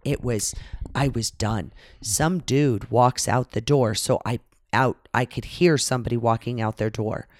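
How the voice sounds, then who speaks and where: A woman's voice: extremely low pitch, measured pace, dry recording. Woman telling a story animatedly, dry mic. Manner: animated, dramatic retelling with frequent swearing. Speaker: podcast guest. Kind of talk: casual storytelling.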